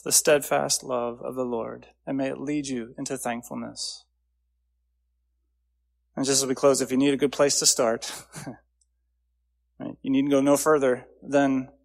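A man preaching with a slightly higher voice than most, earnest and driving. He builds his phrases up loudly, then drops to a low, quiet close. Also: vocal fry. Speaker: pastor. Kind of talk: sermon.

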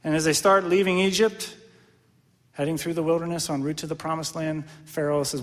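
A man preaching a sermon, animated and questioning, often checking in with the congregation with "right?". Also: fairly high pitch, brisk, long reverb tail. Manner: animated, asks the audience questions, frequent "right?". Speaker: pastor.

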